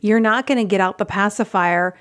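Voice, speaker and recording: A woman's voice: mid-range voice, a little fast, clean tone. A middle-aged woman hosting a relationship talk show, chatting casually and acting out the lines she quotes. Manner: chatty and animated, acts out quotes. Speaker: relationship podcast host. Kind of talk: casual advice monologue.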